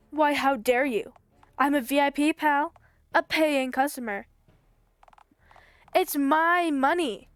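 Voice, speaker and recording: A woman's voice: sits high, no echo, lightly acted. A woman voicing a sleazy male caller who is a pushy mugger and throws around pet names. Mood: indignant. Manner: smarmy, calls people pet names.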